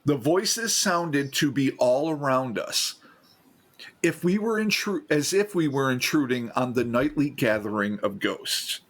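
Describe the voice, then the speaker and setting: Lively man reading listener stories. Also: measured pace. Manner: animated, swearing, laughs and jumps into loud high outbursts. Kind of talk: casual podcast chat and story reading.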